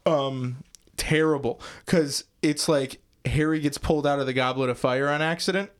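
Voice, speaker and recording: A man's voice: on the high side, steady tone, moderate pace, clear, resonant tone. A young man co-hosting a casual podcast chat, ranting with lots of swearing and mocking put-on voices. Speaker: podcast co-host.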